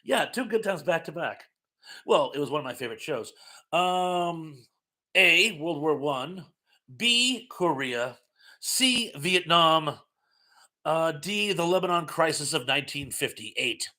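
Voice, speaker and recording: A middle-aged man with a bright, forceful voice pitched a little high hosts a relaxed live-stream trivia session. He reads questions and viewer comments in a chatty, self-mocking way. He laughs easily and trips over his own sentences. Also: slow pace.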